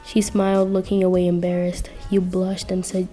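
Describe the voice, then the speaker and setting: A young woman casually narrating a listener story as channel host, chatty and full of fillers, over soft music. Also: fairly low pitch, monotone, normal speed, few pauses. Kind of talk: reading a fanfic-style listener story.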